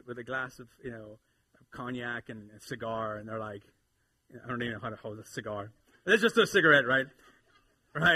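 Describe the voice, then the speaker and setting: A man in his thirties preaching a sermon in church, animated and playful, swinging between loud exhortation and quiet asides. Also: mid-range voice, no room sound. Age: 30s. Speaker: pastor. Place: church sanctuary with congregation.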